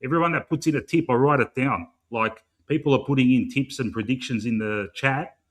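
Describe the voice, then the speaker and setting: A man's voice: medium pitch, a little fast, fairly bright tone. An Australian man hosting a casual live fan stream, rambling and matey, swearing freely and filling gaps with "um". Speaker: fan show host.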